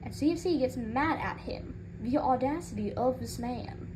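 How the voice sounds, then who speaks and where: High-pitched lady ranting as a protective mama, sassy and rambly, lots of noise behind her. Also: moderate pace. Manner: sassy, rambling, indignant, with Southern-style turns of phrase. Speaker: channel creator in character as a proud mother. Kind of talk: comedic in-character rant to camera. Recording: noticeable background noise.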